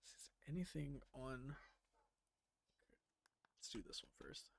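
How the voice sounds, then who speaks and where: A man's voice: mid-range voice, lively intonation, slow, vocal fry, breathy edge. A man chatting casually and swearing freely while streaming a game, laughing often and muttering to himself as he plays. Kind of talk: casual live-stream chat while playing.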